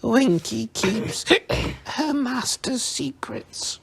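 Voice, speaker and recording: Winky, a tipsy female house-elf from a storybook, squeaks far above the reader's own range and slurs her words with coughs, as a man puts her on. She whimpers and bristles, swinging her pitch all over the place. The voice is a little husky. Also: animated, extremely slow, heavily acted. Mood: indignant. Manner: whimpering, indignant. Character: drunk sobbing female house-elf, loyal, stubborn.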